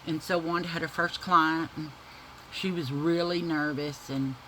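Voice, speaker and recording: A woman's voice: sits low, fairly even intonation, measured pace, a bit bright, a little hiss or hum, low-quality recording. A woman casually telling a family story to her viewers, swearing freely and laughing as she goes. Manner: chatty, folksy, addresses viewers as y'all.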